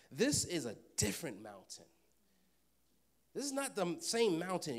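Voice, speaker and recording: A man preaching a sermon, joking with the congregation and repeating phrases for emphasis. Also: fairly high pitch. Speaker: pastor.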